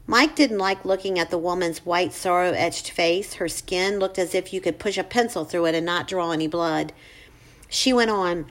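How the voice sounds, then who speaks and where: A woman narrating a ghost story in a measured, suspenseful way. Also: lowish voice. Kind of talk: scripted narration.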